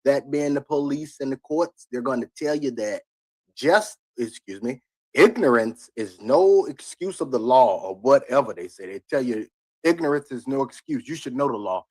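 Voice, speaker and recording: A man's voice: mid-range voice, expressive, normal speed, darkish tone, no echo. A man on a live stream giving blunt, critical commentary in rambling asides as he reacts to a video.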